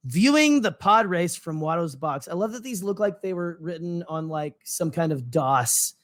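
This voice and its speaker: A man's voice: fairly high pitch, animated, normal speed, fairly bright tone. A man co-hosting a podcast in casual chat, rambling off on tangents with lots of fillers. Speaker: podcast co-host.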